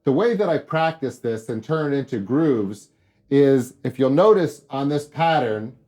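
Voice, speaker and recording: A man giving a casual drum lesson, talking straight to viewers in a relaxed, upbeat way. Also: mid-range voice, a little slow. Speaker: drum teacher. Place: drum studio.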